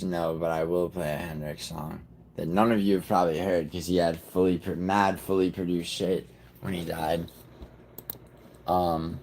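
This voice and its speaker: A man's voice: deep voice, a little mellow, a little hiss or hum. A man hosting a livestream in a rambling, profane way, talking straight to his chat. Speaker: livestream host. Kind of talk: casual livestream chat with viewers.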